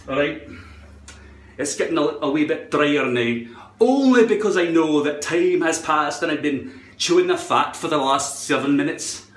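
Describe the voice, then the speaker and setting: A man's voice: on the high side, animated, unhurried. A man talking in a put-on Scottish accent, rambling and joking with a lot of swearing while he gives a hairpiece tutorial at home. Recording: roomy echo.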